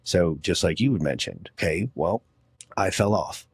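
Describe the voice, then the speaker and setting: A man's voice: low-pitched, animated, normal speed, husky, no echo, studio quality. A man speaking as a podcast guest, earnest and heartfelt about leadership and faith. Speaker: podcast guest, gym owner. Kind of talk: casual podcast conversation.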